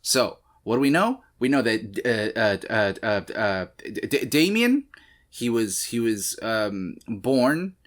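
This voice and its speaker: A man's voice: mid-range voice, very animated, slow pace. A man hosting a movie reaction channel, rambling casually with stammered restarts and mock-angry rants. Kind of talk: casual rambling vlog intro.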